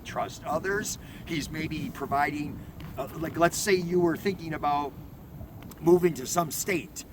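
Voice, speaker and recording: A man's voice: medium pitch, fairly bright tone, slight background noise, low-quality recording. Earnest male pastor preaching outdoors. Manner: earnest, repeats phrases for emphasis. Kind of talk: outdoor devotional sermon.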